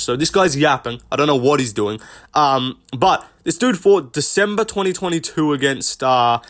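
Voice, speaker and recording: A young man giving casual commentary on a tier list, rambling, thinking out loud and swearing often. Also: mid-range voice. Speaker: host, MMA commentator.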